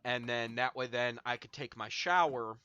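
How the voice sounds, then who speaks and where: A man's voice: mid-range voice, moderate pace, bright, forceful tone, clean tone, highs cut off. A young man hosting a stream, smoking and telling a long, profanity-laced story in a rambling, filler-heavy way. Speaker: streamer host. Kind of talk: casual storytelling to chat.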